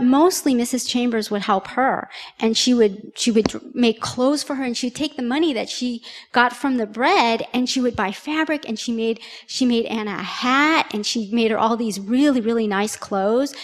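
A woman telling a story to children at church, chatty, often asking them questions. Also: a little high. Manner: warm, conversational, addressing children with questions. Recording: long reverb in a large hall.

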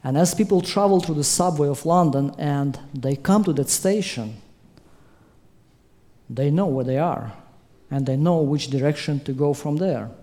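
Emphatic, warm-voiced male preacher. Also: on the high side, moderate pace. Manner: emphatic, swelling to loud climaxes. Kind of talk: sermon.

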